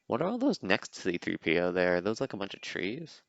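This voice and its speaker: A man's voice: deep voice, huge pitch swings, a little fast, vocal fry, dry recording, highs cut off. A man hosting a podcast, giving a casual, rambling reaction commentary on a movie, with lots of "like" and "you know.". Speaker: podcast host.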